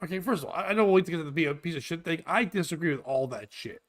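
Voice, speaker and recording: A man in his forties, a podcast host, ranting crudely and loudly in comedic chat. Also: a little high, very fast. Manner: profane, loud, animated ranting.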